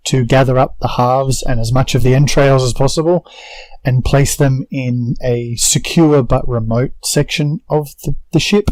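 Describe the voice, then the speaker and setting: A man playing a tabletop game, speaking deliberately and haltingly, often correcting himself. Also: medium pitch, steady tone, a little mellow, dry recording, poor audio. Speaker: player.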